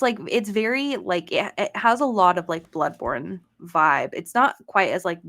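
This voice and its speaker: A woman's voice: on the low side, gravelly, a bit bright. Chatty woman podcast co-host. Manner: chatty, laughing, many fillers. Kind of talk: casual chat.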